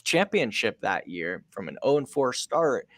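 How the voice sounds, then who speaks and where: A man in his thirties talks on a podcast with lively, emphatic energy. He tells his story at an even middle pitch. His voice is recorded close and dry, with no room sound. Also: a little slow, no room sound. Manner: energetic, emphatic, acts out a coach's pep talk. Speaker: podcast guest, sales coach. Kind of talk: storytelling in an interview.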